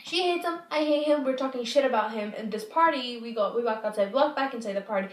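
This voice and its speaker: A woman's voice: on the high side, fast talker. Rambling woman vlogger in an echoey room. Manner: rambling, repetitive, swears freely. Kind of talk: casual storytime chat. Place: apartment at home, indoors. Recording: echoey room, mic set far off.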